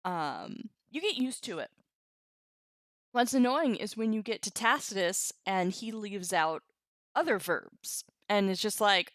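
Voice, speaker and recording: A woman's voice: medium pitch, expressive, unhurried, a bit bright, no room sound, clean studio sound. A woman teaching a language lesson on a live stream, chatty, laughing often and reacting to viewers' comments.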